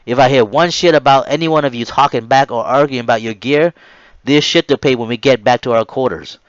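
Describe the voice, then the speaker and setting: A gruff, foul-mouthed male navy drill instructor bellows at his recruits, as a man puts him on. The shouting rides far above a normal speaking voice, loud and forceful. The sound is dry and a little dull. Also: medium pitch, fairly quick, no echo, pitched above the performer's own voice, natural voice. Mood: barking orders. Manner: yelling, cursing, barking orders.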